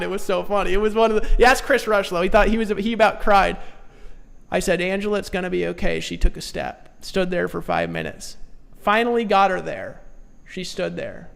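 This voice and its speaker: Man, motivational sales talk, high gravelly voice, hushed to loud, echoing hall. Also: moderate pace. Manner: pushy, swings from hushed to loud exhortation; repeats short commands. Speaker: sales trainer. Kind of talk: motivational seminar speech.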